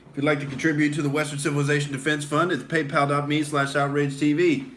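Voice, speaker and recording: A man's voice: on the high side, little pitch movement, fast talker, a bit bright, a little hiss or hum. A young adult male comedian ranting in character on a satirical podcast, swaggering and swearing, always calling people "dude". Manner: pumped-up, beer-drinking rant. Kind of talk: satirical bro rant in character.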